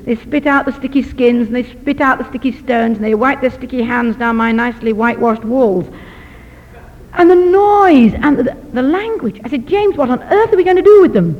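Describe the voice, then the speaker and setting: A woman missionary doctor telling a story in a sermon, lively and self-deprecating. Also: sits high. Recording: dull recording in a reverberant hall.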